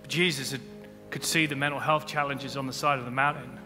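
A man preaching a sermon as pastor, building to loud emphatic peaks. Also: medium pitch, steady tone, a little fast. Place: church auditorium. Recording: long hall reverb with faint music.

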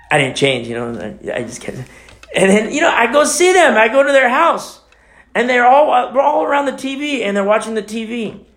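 A man preaching an expository sermon in a blunt, impassioned way, dropping to a hush and then rising to loud outbursts. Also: very high voice, big pitch swings, a little fast. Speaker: pastor.

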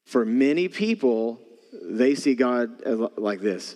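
Male pastor, mid-pitched, preaching with soft asides and raised emphasis, recorded in a reverberant church hall. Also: very animated, takes it slowly. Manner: shifts between soft near-whispers and raised preaching. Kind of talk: sermon.

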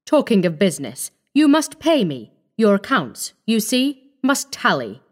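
Woman voicing a calm, scheming young doctor. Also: mid-range voice, unhurried. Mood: pressing. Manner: calm, coaxing, firm. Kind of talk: storybook reading.

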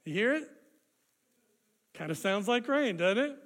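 High-voiced pastor leading a congregation. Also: male voice, a little slow. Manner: animated, leads congregation in call-and-response. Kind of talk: sermon.

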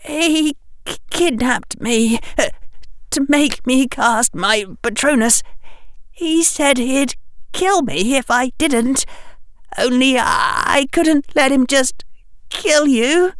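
A man voicing a frightened eleven-year-old boy wizard who stammers in a high, thin, wavering voice, as in an audiobook. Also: takes it slowly, long pauses, fairly bright tone, clear, resonant tone, no echo, clean studio sound, full character voice. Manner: stammering, near tears. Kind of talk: audiobook character voice.

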